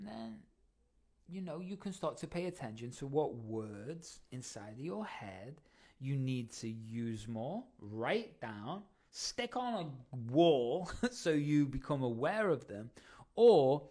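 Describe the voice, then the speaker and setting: A man hosting a motivational podcast, coaching listeners with energetic questions. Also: fairly high pitch. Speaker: podcast host.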